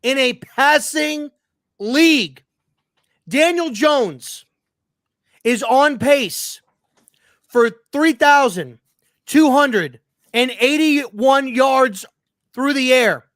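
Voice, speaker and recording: A man's voice: very high-pitched, sharp tone, no room sound. A sports show host ranting at his live chat, angry and frustrated, emphatic and profane, repeating his points. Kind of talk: heated sports rant.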